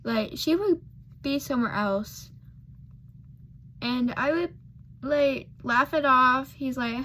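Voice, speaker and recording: A woman's voice: sits high, takes it slowly, long pauses, sharp tone, slight background noise. A woman vlogger telling a casual storytime while doing her makeup, rambling and losing her thread with lots of fillers.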